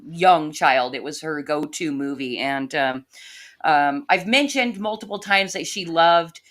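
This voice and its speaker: A middle-aged woman with a slightly low voice co-hosts a relaxed conversation. She tells stories in a warm, animated way. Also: a little slow. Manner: warm, storytelling with animated asides. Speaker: co-host. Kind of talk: casual chat.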